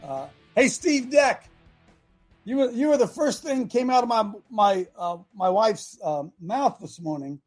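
High, husky man hosting loudly. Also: measured pace, soft background music. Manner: animated, loud bursts, repeats himself. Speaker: host. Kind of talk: casual opinionated show talk.

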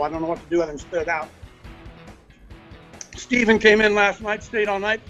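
A man's voice: sits high, a little fast, long pauses, fairly bright tone, soft background music. A man hosting a casual show from inside his house on his phone, talking in a rambling, apologetic way. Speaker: host. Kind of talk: casual live-stream chat. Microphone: phone held by the speaker.

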